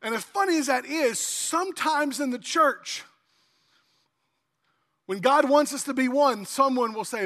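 A man with a notably high voice delivers a sermon, shifting between scripture reading and relaxed, conversational asides to the congregation. His voice rings out with a long hall reverb, as in a big church sanctuary. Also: measured pace, pauses often. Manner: conversational preaching, acts out kids' pleading voices. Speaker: pastor.

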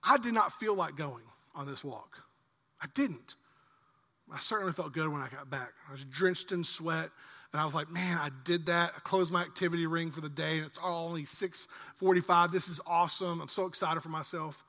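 An earnest pastor in his forties delivers a sermon in a high, bright voice. He builds louder through emphatic lists and slows down to stress his key points. His voice rings with the long reverb of a church hall.

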